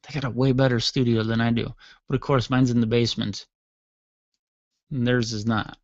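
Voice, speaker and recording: A man's voice: medium pitch, flat delivery, normal speed, no echo, highs cut off. Yawning man rambling on his podcast. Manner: rambling, chatty, jokey asides. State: tired, yawning. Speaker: podcast host. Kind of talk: casual solo podcast talk. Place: home basement studio.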